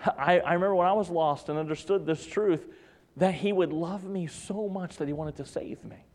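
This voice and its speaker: Preaching man, loud peaks and hushed drops. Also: high-pitched, moderate pace. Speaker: pastor. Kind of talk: sermon. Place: church.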